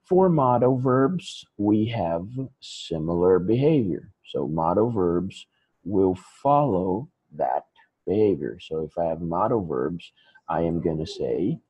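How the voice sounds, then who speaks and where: A man teaching English grammar in a lesson, slowly and patiently explaining with example sentences. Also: sits low, dark tone, slightly rough, muffled recording. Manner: slow, patient, repeats points with example sentences.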